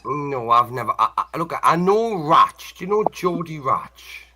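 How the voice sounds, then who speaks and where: Brash English man, lively pitch. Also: measured pace, a little hiss or hum. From England. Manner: brash, profane, talks over others. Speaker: panel guest. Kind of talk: heated panel chat.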